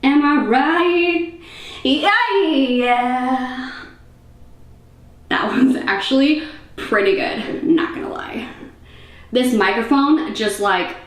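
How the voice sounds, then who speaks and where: A young woman chats casually for her vlog, rambling and dropping "like" and "um" all through her talk. Her voice sits somewhat high. The camera mic catches the echo of a bare room at home. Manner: chatty and rambling, full of "like" and "um". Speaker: fitness vlogger. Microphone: camera microphone. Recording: roomy echo.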